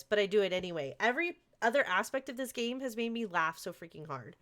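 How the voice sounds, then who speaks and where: A bubbly woman streaming a game, chatting casually with her viewers. Her voice sits a little high and has a bright, crisp edge. She gushes warmly whenever someone joins. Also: big pitch swings, brisk, few pauses. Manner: bubbly, gushes over chat. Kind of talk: casual live-stream chat.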